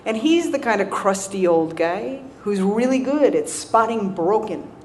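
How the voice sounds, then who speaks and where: A woman's voice: mid-range voice, expressive, measured pace, darkish tone, slight background noise. A woman with a Southern American accent tells a personal recovery story to a live audience, self-mocking and conversational, often checking in with "right?". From Southern United States. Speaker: recovery speaker.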